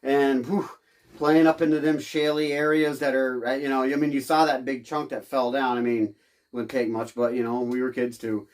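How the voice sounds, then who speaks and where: A man's voice: mid-range voice, little pitch movement, normal speed, darkish tone, no room sound. A middle-aged man hosting a prospecting vlog, talking casually and loosely with many fillers and restarts. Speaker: host of a gold prospecting channel. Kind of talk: casual outdoor vlog narration.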